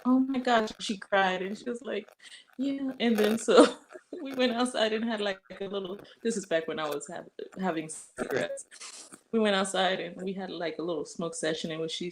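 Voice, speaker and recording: A woman's voice: medium pitch, moderate pace, noisy background. A woman in casual chat, telling a workplace story, laughing often and acting out what others said. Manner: laughs often, acts out quoted voices.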